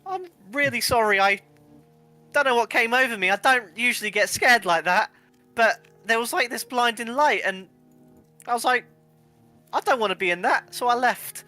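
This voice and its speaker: A man voicing a gentle, apologetic young male ghost who talks earnestly and a little sheepishly. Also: extremely high pitch, moderate pace, soft background music, pitched above the performer's own voice.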